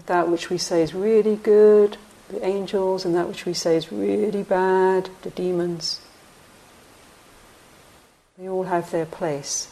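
A woman meditation teacher giving a dharma talk in a slow, reflective way with frequent pauses. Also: fairly low pitch, fairly even intonation, vocal fry, dark tone, rough recording.

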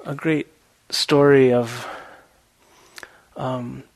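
A man giving a relaxed, rambling meditation talk that mixes a story with teaching and is full of fillers. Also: medium pitch, extremely slow, gravelly. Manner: laughs at his own story.

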